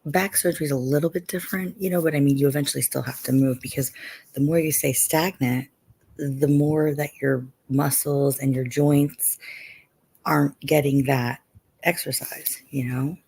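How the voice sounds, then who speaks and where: A woman's voice: sits low, steady tone, moderate pace, vocal fry, darkish tone, slightly rough. A middle-aged woman hosting a live stream, chatting casually with viewers and often saying "you know".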